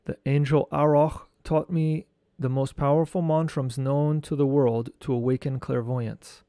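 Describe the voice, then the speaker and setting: A man teaching esoteric studies, reading a lecture text aloud in a slow, measured way and chanting mantra syllables. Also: mid-range voice, little pitch movement, warm tone, no echo, studio quality.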